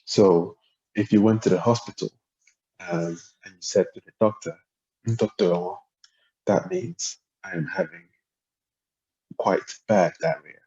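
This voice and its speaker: A man teaching a language lesson, explaining word tones in a hesitant way with many pauses and ums. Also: lowish voice, very animated, creaky, mellow, breathy edge. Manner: hesitant, lots of ums, spells out syllables and tones. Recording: dull lo-fi audio without a proper mic.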